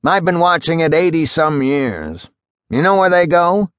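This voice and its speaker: A man voicing a very old, gloomy judge who speaks slowly and solemnly. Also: fairly high pitch, lively intonation, fairly bright tone, smooth, no echo, clean studio sound, pitched above the performer's own voice. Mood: musing. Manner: slow, ponderous, solemn. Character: very old brooding male judge, slow and gloomy.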